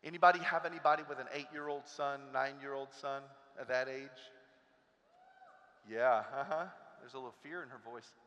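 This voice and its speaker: A man in his thirties giving a motivational talk to teachers, animated and quizzing the crowd while acting out stories. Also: medium pitch, normal speed, big-room sound, muffled recording. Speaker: motivational speaker.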